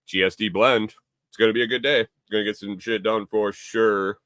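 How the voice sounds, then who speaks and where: A man's voice: lowish voice, fairly even intonation, moderate pace, a bit bright, no echo, clean studio sound. A man hosting a casual live stream, rambling and repeating himself, reading viewer comments aloud. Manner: reads viewer chat aloud. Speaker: livestream host.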